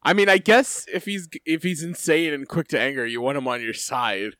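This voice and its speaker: A man's voice: fairly high pitch, normal speed, bright, forceful tone, no room sound, clean studio sound. A man co-hosting a podcast in casual chat, sarcastic and exasperated, swearing as he jokes. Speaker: podcast co-host.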